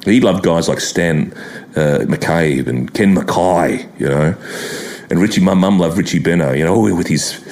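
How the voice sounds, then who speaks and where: A middle-aged Australian man chatting as a podcast guest, telling lively stories and breaking into laughs and quick impressions. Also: low voice. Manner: animated storytelling with impressions and laughter. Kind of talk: casual chat.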